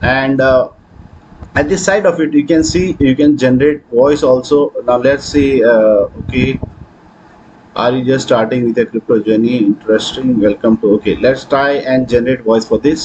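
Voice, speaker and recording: A man hosting a software tutorial, talking through his screen with frequent hesitations. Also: medium pitch, slight background noise, poor audio. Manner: hesitant, many fillers. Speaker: tutorial host. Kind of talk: screen-recording software walkthrough.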